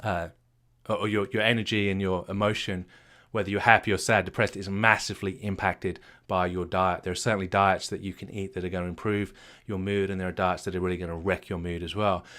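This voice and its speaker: A man's voice: little pitch movement, fairly quick, sharp tone. A man working as a marriage coach, giving an emphatic retreat workshop talk that repeats key phrases and asks rhetorical questions. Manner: acts out low and upbeat voices to make points.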